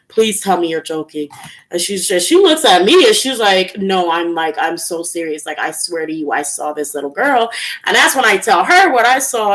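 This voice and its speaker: A woman's voice: on the low side, a bit bright. Chatty young woman telling stories. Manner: chatty, lots of "like" and "um", laughs while telling. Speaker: tarot channel host. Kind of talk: casual storytelling livestream chat.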